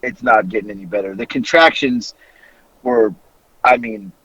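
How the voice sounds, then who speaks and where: A man's voice: lowish voice, moderate pace, fairly bright tone, breathy edge, dry recording, muffled recording. A man in his forties telling a long, profane story in a rambling, casual way on a podcast. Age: 40s. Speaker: podcast co-host.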